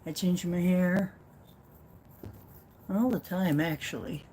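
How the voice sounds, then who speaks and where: A woman with a flat Midwestern accent hosting a casual livestream, rambling and teasing herself playfully. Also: fairly low pitch, slow, a little hiss or hum. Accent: Midwestern American. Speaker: livestream host.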